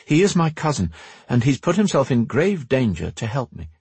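A gracious young princess, courteous and composed, her lines pitched a little above a deep husky voice, as a male narrator puts her on. She speaks formally and evenly, close and dry, as in a storybook reading. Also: very animated, moderate pace, darkish tone, no room sound, heavily acted. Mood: earnest.

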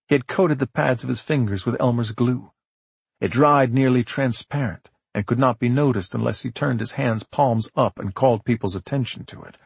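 A man narrating an audiobook in a measured, steady storytelling manner. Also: medium pitch, husky, no room sound.

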